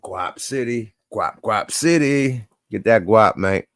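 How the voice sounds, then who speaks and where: A man's voice: on the low side, takes it slowly, no room sound, studio quality. A man hosting a casual livestream chat, talking in loose, profane, laughing banter. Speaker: livestream show host.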